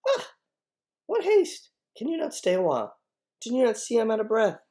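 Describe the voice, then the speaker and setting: A man's voice: mid-range voice, lively intonation, unhurried, vocal fry. A man putting on a groaning old nurse. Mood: complaining. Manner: groaning, whining. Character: weary complaining old woman nurse.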